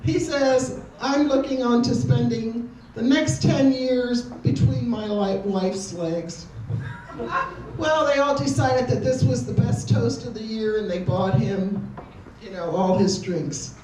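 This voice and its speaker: On a community hall stage, an older amateur comedian spins easygoing, story-driven jokes for the crowd. She speaks slowly in a fairly high, mellow voice, and the faraway room mic captures hall echo and slight background noise.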